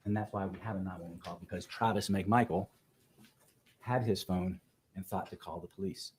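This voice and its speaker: A man, a defense attorney, giving an opening statement in court and walking through events step by step in a measured way. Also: sits low, steady tone, a little mellow, slight background noise, rough recording. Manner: measured, methodical walkthrough of events.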